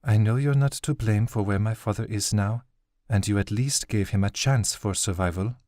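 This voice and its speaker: A man's voice: lowish voice, normal speed, no room sound, studio quality, close to an everyday voice. A man voicing a young woman who talks bluntly and sharply, with sadness underneath. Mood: resolute. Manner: sharp yet sad, blunt. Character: resolute young woman warrior, leaving her friends.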